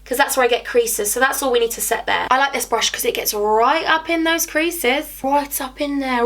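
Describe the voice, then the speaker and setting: A woman's voice: fairly high pitch, fairly bright tone. Bubbly, chatty young woman. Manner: bubbly, chatty, easily sidetracked. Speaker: beauty vlogger. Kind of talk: casual chat while doing makeup.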